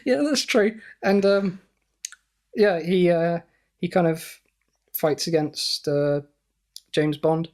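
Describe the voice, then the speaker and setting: A man's voice: fairly high pitch, takes it slowly, pauses often. A man co-hosting a podcast in casual banter, hesitant and giggly with many fillers. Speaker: podcast co-host.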